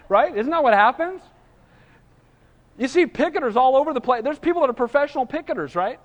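Guy preaching a verse-by-verse sermon, high voice, lively, long echo in the sanctuary. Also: a little fast, lo-fi sound. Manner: animated, acts out quoted voices, asks congregation for agreement. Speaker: pastor. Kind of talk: expository sermon.

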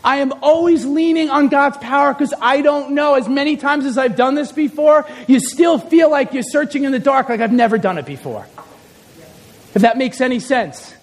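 A man's voice: very high voice, normal speed, hardly any pauses, big-room sound. A man preaching a sermon as pastor, talking conversationally and building to emphatic appeals, in a church sanctuary.

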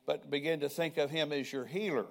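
A man's voice: a little high, steady tone, brisk, gravelly. An older man preaching a sermon in a conversational way, often asking the congregation questions. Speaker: pastor.

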